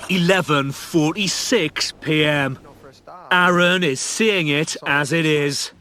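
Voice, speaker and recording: A man narrating a reality show in a scripted, measured way. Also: on the high side, noisy background.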